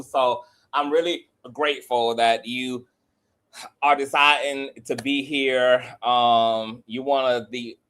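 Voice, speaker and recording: A male host chatting with guests over a video call, his medium-pitched voice full of sass. His pitch jumps sharply upward in his livelier moments before settling back into easy, drawn-out talk. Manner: animated, sassy, pitch leaps up when excited. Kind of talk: casual panel chat.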